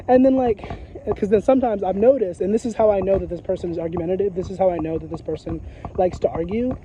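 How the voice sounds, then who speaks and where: Casual vlogger, male, high voice, dull lo-fi audio, rambling and profane. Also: fairly even intonation, quick pace, mellow, slight background noise. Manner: profane, repetitive, emphatic, frequent filler phrases. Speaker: psychic vlogger. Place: outdoors in a graveyard.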